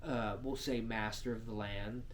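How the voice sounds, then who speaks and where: A man co-hosting a podcast, telling stories in casual chat, full of swearing and quick asides. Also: on the low side, slight background noise. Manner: animated, profane storytelling with frequent laughs. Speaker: podcast co-host.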